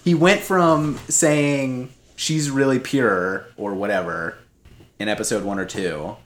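A man's voice: medium pitch, fairly even intonation, slow pace. A man co-hosting a podcast in casual chat, rambling and poking fun at himself, laughing often. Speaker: podcast co-host.

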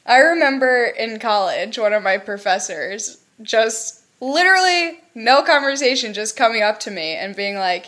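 A woman with a fairly high voice co-hosts a casual chat podcast. She laughs often and tells stories with lots of animation. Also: unhurried, few pauses. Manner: giggly, animated storytelling. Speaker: podcast co-host.

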